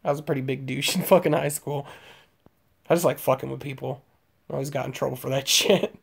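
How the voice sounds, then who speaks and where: A man's voice: medium pitch, flat delivery, quick pace, gravelly, husky. A man in his late twenties telling crude, rambling stories while chatting casually with stream viewers. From Omaha, Nebraska, United States. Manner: rambling, profane storytelling with frequent fillers and laughs. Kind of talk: casual live-stream chat.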